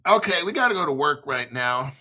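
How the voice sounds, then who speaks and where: A man's voice: on the high side, very animated, brisk, pushed and bright. A male host giving casual livestream commentary in a brash, profane, joking hype manner. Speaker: crypto show host.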